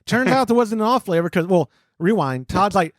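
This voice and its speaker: A male podcast host with a high, lively voice that leaps up and down as he tells stories against himself. The sound is close and dry, with no room around it. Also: brisk, dry recording. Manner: animated storytelling, self-mocking. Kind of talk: casual podcast chat.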